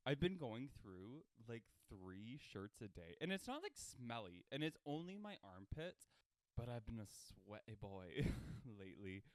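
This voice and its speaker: A man's voice: on the low side, lively intonation, a little slow, no room sound. A young man from Canada hosting a casual solo podcast, rambling and self-deprecating. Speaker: podcast host.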